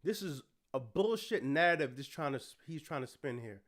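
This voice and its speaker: Profane, indignant high-voiced man. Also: animated, moderate pace. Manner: profane, indignant, rants and shouts in anger. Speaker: streamer reacting to an article. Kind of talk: heated political commentary stream.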